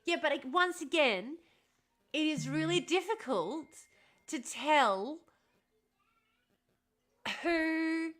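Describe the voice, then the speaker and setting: Her voice sits high and a bit bright, with lively intonation, a slow pace and long pauses, as she hosts a casual livestream. Reading the chat, she answers viewers with frequent laughs and sarcastic comments.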